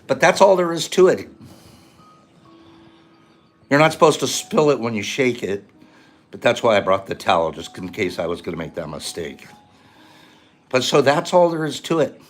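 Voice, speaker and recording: Lively chatty man hosting a livestream. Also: mid-range voice, normal speed, long pauses. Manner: chatty, explains steps, reads viewer answers aloud. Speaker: livestream host. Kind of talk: casual livestream chat and how-to.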